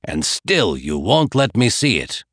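A man doing a gruff old herdsman in his sixties, growling and scolding, lively swings in the voice, a dry close sound with no room around it, an audiobook character. The old man is stern and quick to anger. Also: on the low side, no room sound, full character voice. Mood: dark. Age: 60s.

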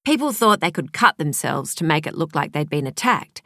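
A woman reading a crime novel aloud as audiobook narrator, in a measured, even storytelling manner. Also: sits low, no echo, studio quality. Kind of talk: scripted narration.

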